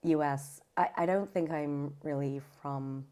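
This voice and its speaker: A British woman voiceover artist talking in a podcast interview, chatty and animated with lots of fillers. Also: deep voice, unhurried. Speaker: voiceover artist and audiobook narrator.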